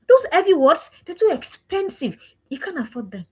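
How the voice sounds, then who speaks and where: A woman's voice: very high voice, big pitch swings, moderate pace, darkish tone. A woman giving an emphatic, preachy parenting talk with lots of repetition. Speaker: parenting coach.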